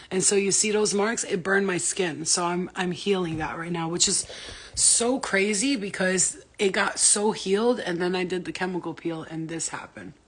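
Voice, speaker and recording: A woman's voice: on the low side, breathy edge. A woman on a casual livestream, talking bluntly with lots of swearing and street slang as a spiritual reader.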